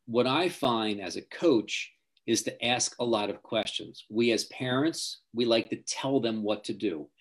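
A man's voice: mid-range voice, unhurried. A middle-aged man, a driving coach, giving emphatic advice as an interview guest. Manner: emphatic, acts out quoted parents and teens.

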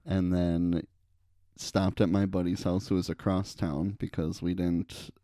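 A man in his thirties co-hosting a casual podcast, relaxed and reminiscing about his youth. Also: sits low, measured pace, no room sound, clean studio sound. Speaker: podcast co-host. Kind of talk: casual chat.

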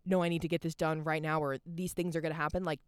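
Young woman, podcast host, casual rambling talk, smooth clear voice, dry close sound. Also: low voice, level tone, fast, no echo. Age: young adult. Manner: candid and rambling, heavy use of "like". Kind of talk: casual personal monologue.

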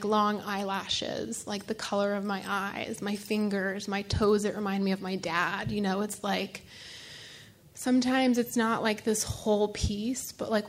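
A woman shares her personal story at a recovery meeting in a mid-pitched voice. She speaks haltingly and emotionally, leaning on fillers and restarting her sentences. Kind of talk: personal testimony.

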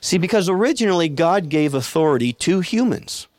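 A man's voice: fairly high pitch, animated, brisk, darkish tone, no echo. A man preaching a sermon to a congregation, talking in a conversational way, telling stories and asking the room questions. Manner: conversational, storytelling, asks the congregation. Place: church sanctuary with a congregation.

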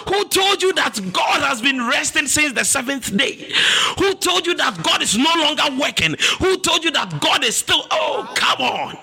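A man preaching a sermon, shouting emphatically in a sing-song cadence and repeating his points. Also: very high-pitched, sing-song, normal speed, creaky.

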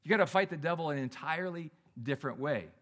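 A middle-aged man delivers a sermon as a pastor, talking to the congregation as if he were chatting with them. His voice sits somewhat high and lifts and drops sharply for emphasis. He often stumbles and starts his phrases over. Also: racing. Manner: conversational, animated preaching with restarts.

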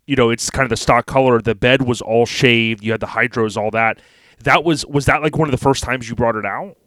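Male host, relaxed chat, recalls details to prompt the guest, dry recording. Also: medium pitch, brisk, dry recording. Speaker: podcast host. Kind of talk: casual interview chat.

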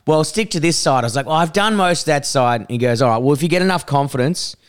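A man co-hosting a comedy podcast, spinning yarns in a loose, profane style and slipping into voices for the people he describes. His voice sits a little high and comes through smooth and clean. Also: fast talker. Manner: animated, swears often, acts out voices in anecdotes. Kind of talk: casual banter and storytelling.

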